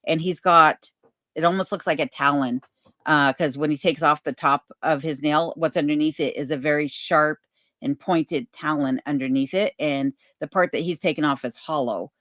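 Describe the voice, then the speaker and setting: A woman hosting a casual livestream Q&A from her cabin, reading viewer comments aloud and answering in an unhurried way with plenty of ums. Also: low voice, no room sound, studio quality. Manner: relaxed, unhurried, many ums, reads chat comments aloud. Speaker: channel host answering viewer questions. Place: home cabin in remote Alaska.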